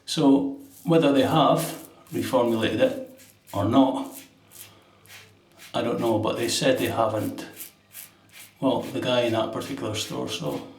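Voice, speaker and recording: A man's voice: mid-range voice, unhurried, recorded from a distance. A man with a London accent chatting casually while he shaves, rambling through an anecdote with the odd laugh. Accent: London English. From England. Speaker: shaving vlogger. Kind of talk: casual talk while shaving. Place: bathroom at a sink with running water. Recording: echoey bathroom, voice off-mic. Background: running tap water and splashing.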